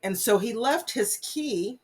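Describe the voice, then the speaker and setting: A woman's voice: a little high, expressive, slow pace, breathy edge. A woman vlogger giving casual commentary on a news case, earnest and full of fillers like "you know". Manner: earnest, many fillers, urges listeners not to judge. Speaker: vlogger host.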